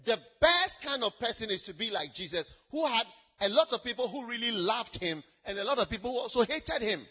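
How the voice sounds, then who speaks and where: A man preaching a sermon in a church, shouting out points and then dropping low. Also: expressive, fairly quick, breathy edge, highs cut off. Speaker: pastor.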